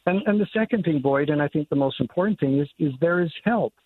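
A man's voice: fairly high pitch, fast, dry recording. An older man, a congressman, speaking earnestly as a guest in a radio interview by phone. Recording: tinny phone line.

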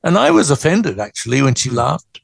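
An older Australian man, a guest, telling stories in a folksy, animated way. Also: medium pitch, fairly quick, vocal fry, husky, no room sound. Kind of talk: storytelling interview. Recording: dry close studio sound.

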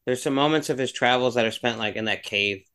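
A man co-hosting a horror film podcast, talking casually and thinking out loud. He rambles with plenty of "like" and "kinda" as he works through his point. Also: medium pitch, quick pace, clean tone. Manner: rambling, many fillers. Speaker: podcast co-host.

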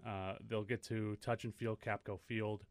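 A man's voice: fairly low pitch, level tone, unhurried, dry recording. A man being interviewed on sports radio as a team owner and coach, upbeat and promotional. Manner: upbeat, promotional, explains plainly.

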